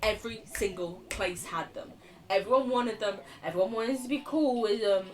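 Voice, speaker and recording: A young woman streaming a video game, joking, swearing freely and reacting out loud as she plays, with faint game music behind. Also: mid-range voice, moderate pace, recorded from a distance. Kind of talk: casual let's-play commentary.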